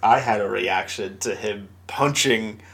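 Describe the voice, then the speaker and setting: A man's voice: lowish voice, unhurried, gravelly, a bit bright. A man co-hosting a casual podcast chat, laughing often and hesitating with fillers. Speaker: podcast co-host.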